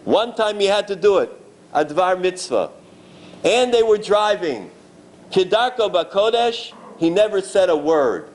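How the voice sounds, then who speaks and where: A rabbi giving a dramatic storytelling sermon at a synagogue gala. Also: male voice, high voice, unhurried. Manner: animated, dramatic preacher.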